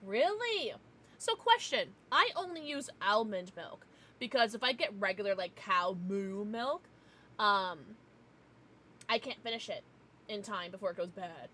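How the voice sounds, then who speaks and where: Lively, bright-voiced young woman streamer. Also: medium pitch, unhurried, a little hiss or hum. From United States. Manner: animated, ranting, laughing often, talks to pets. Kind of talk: casual livestream chat with viewers.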